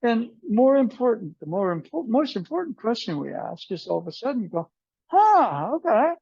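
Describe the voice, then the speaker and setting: A man leads a martial arts class, wandering from story to story and slipping into the voices of the people he quotes. His voice is dark and mellow, close and dry with little room sound, and the recording has a dull, muffled, lo-fi edge. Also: sits high, very animated, fairly quick, vocal fry, husky, no room sound. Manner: meandering storyteller who acts out dialogue. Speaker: aikido instructor. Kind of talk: informal class talk with anecdotes.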